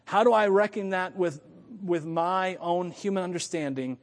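A man from the United States preaching a sermon in an animated way, thinking aloud and correcting himself as he goes. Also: sits high, normal speed, in a large hall. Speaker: pastor.

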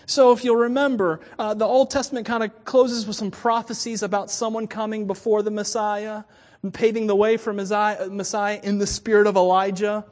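A woman's voice: medium pitch, fairly even intonation, normal speed. A woman pastor giving a sermon in a casual, chatty way, with laughing asides. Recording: long reverb of a church hall.

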